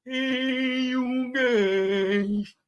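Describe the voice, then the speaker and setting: A man's voice: extremely high pitch, fairly even intonation, drawn-out words, clear, resonant tone, lo-fi sound. A man reading scripture aloud and breaking off into mocking, laughing street-slang commentary, often checking that his listeners follow. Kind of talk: casual religious commentary.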